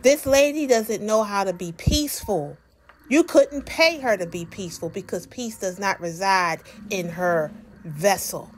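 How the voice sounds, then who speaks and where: A woman's voice: mid-range voice, measured pace, soft background music. A woman with a Southern accent hosting reaction commentary in a sassy, preachy way, talking straight to her viewers. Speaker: commentary host.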